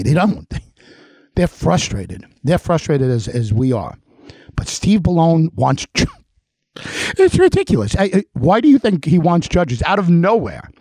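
A man's voice: on the high side, a little mellow, slightly rough, dry recording, clean studio sound. Combative New man in a heated rant. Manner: combative, repeatedly challenging an absent official; emphatic, repetitive rhetorical questions. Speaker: show host. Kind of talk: heated political monologue.

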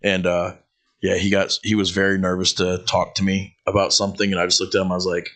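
A man's voice: low voice, fast talker. A man co-hosting a podcast, telling crude workplace stories with lots of laughter and acted-out quotes. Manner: animated, profane, laughs often, acts out quotes. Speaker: podcast co-host. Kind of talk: crude casual storytelling.

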